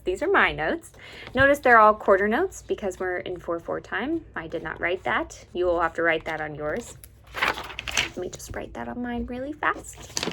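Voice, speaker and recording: A woman music teacher patiently explaining to students step by step, slowly singing out syllables and solfege notes as examples. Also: mid-range voice, fairly bright tone. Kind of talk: instructional lesson to students.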